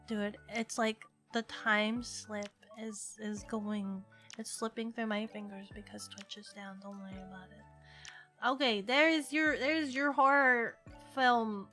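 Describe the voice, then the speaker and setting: Bright, playful young woman streamer. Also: mid-range voice, a little slow. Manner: playful and excitable, bursting into laughing shouts. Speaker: livestreamer. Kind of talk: casual stream chat. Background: faint music.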